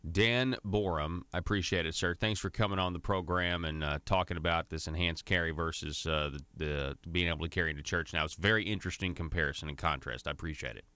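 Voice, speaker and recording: A man hosting a talk radio show, speaking casually and haltingly with many fillers and restarts. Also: low-pitched, steady tone, sharp tone, clean tone, no room sound.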